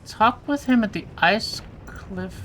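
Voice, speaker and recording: A woman's voice: medium pitch, animated, takes it slowly, a little hiss or hum. A woman with a Flemish accent, casually chatting with her viewers while playing a game. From Flanders, Belgium. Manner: chatty, talks to chat while playing, swears lightly. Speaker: streamer. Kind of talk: casual live game commentary.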